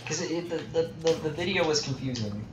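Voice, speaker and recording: A man's voice: on the high side, expressive, fairly quick, noisy background. A man chatting casually while playing a game on a live stream, rambling and self-deprecating as he talks to viewers. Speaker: gaming livestreamer. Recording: roomy echo with game music behind.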